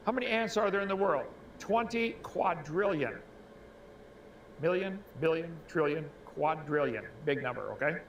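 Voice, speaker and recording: A man reading out facts and asking folksy rhetorical questions, clearing his throat now and then, played back as a clip. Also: high voice. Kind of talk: reading and commenting on a creationist video. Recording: echoey clip with faint ambient noise.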